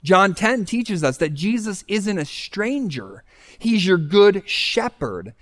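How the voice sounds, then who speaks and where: Higher-voiced man preaching a sermon. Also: big pitch swings, takes it slowly. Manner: conversational storytelling preacher. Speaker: pastor.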